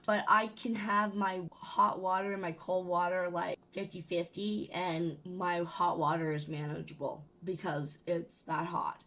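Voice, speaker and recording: A young adult woman ranting to camera in a casual vlog, swearing, restarting her sentences and jumping to loud bursts. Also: on the low side. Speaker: vlogger.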